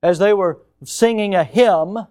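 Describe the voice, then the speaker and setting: An older man, a pastor, preaching a sermon with emphatic rises and sudden quiet drops. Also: high-pitched, a little slow.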